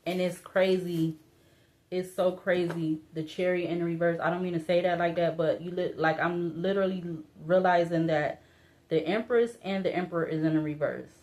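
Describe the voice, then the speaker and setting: A woman's voice: on the low side, fairly even intonation, a little fast, a little mellow. A woman reading tarot cards in a casual, musing way, hesitating often with fillers and restarts, her voice breaking up a little. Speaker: tarot reader.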